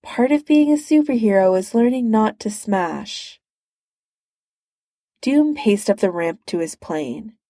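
Woman narrator, slow and mellow, dry close sound, storybook reading. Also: mid-range voice, expressive, no echo. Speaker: reader. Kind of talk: reading fan fiction aloud.

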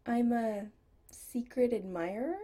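A woman's voice: a little high, slow, mellow. A woman voicing a shy young male shoe designer who answers sheepishly and protests when teased. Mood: hesitant.

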